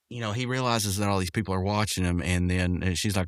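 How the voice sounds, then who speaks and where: A man hosting a podcast, casually recapping a cartoon episode, rambling and jumping into higher voices to act out the characters' lines. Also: fairly even intonation, quick pace, few pauses, smooth, dry recording, clean studio sound. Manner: rambling, acts out quotes in raised voices. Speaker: podcast host.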